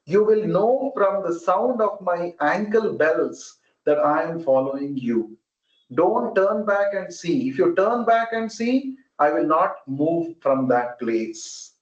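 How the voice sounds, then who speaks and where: Gopala, a gentle deity, as a man voices him. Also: sits high, animated, slow pace. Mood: gently teasing. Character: divine child deity speaking from a temple statue. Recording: roomy, muffled online call audio.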